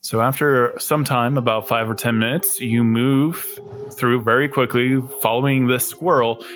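Taking his time, a medium-pitched male game master describes the scenes of a tabletop game.

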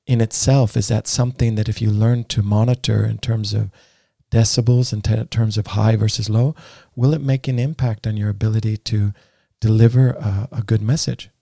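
Gravelly low-voiced man, rambling host. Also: flat delivery, moderate pace, dark tone, no room sound, studio quality. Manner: rambling, hesitant questions with many restarts. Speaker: podcast host. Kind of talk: conversational interview.

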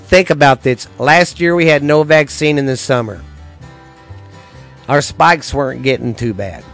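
A man hosting a podcast, ranting in a profane, agitated way that swings between loud and quiet. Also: mid-range voice, unhurried, creaky, faint music behind. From United States. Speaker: podcast host. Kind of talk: angry solo podcast rant.

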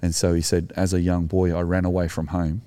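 A man's voice: deep voice, flat delivery, brisk, mellow. An Australian man, an Anglican minister co-hosting, telling a story in an earnest, reflective way. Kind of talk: conversational storytelling.

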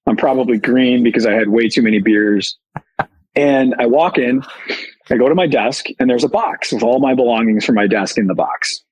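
Guy, husky voice, candid animated storytelling, pokes fun at himself. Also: mid-range voice, normal speed, poor audio. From Chicago. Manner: animated, candid, self-deprecating. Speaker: guest, company founder. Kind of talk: casual storytelling.

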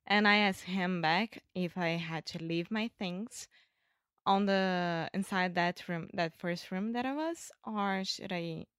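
A woman's voice: on the low side, takes it slowly, fairly bright tone, clear, resonant tone, no room sound, studio quality. A woman with a Brazilian Portuguese accent telling a story in English as a student, hesitant and searching for her words. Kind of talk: casual storytelling.

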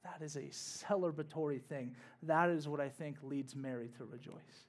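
A man's voice: a little high, normal speed. A young man, a pastor, giving a conversational sermon with casual asides and rising bursts of energy.

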